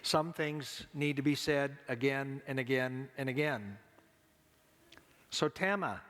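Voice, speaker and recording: A man preaching a funeral sermon, slow and deliberate, repeating his key lines. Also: mid-range voice, a bit bright, slight background noise. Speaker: pastor. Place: church sanctuary. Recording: long church reverb.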